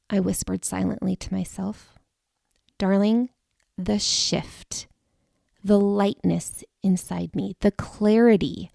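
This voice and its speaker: Earnest woman in her forties, gravelly edge. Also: medium pitch, a little mellow, no echo, clean studio sound. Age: 40s. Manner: earnest, confiding, addresses listener directly. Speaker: podcast host. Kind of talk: personal storytelling monologue.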